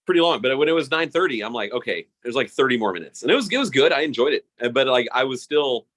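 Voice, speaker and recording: A man co-hosting a podcast in casual chat, animated and laughing often, repeating words as he starts sentences. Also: mid-range voice, fast. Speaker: podcast co-host.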